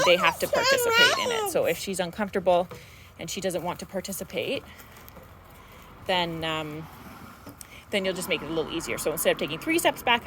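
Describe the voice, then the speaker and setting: A woman dog trainer explaining her steps during an outdoor training session, between soft cues and praise for the dog. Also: medium pitch. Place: outdoors near a road. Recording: outdoor noise, passing vehicles.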